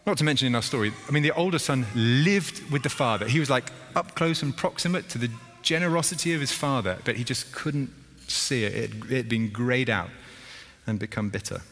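A man's voice: mid-range voice, fairly quick, a bit bright, in a large hall, faint music behind. A male pastor preaching a sermon in church, conversational with rhythmic, repeating phrases.

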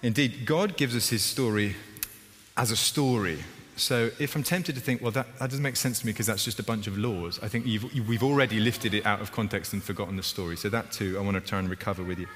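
A male pastor giving a conversational sermon, with lively emphasis and wry asides. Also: lowish voice, fairly quick, a little hiss or hum. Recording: reverberant hall with faint ambience.

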